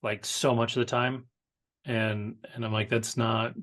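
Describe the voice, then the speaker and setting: Halting, laid-back man on a podcast. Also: medium pitch, little pitch movement, a bit bright. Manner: halting, lots of fillers and restarts, laid-back. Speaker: podcast co-host. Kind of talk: casual pop-culture chat.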